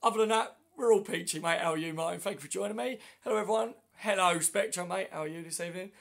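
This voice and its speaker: A man with a hoarse, flu-worn voice hosting a casual fan livestream on his phone, chatting matily and answering viewer comments one by one. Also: sits high, quick pace, fairly bright tone. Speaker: livestream host.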